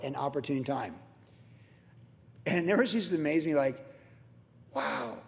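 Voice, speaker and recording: A man preaching a sermon in an energetic, excitable way with chatty asides. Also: on the high side, creaky. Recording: long hall reverb.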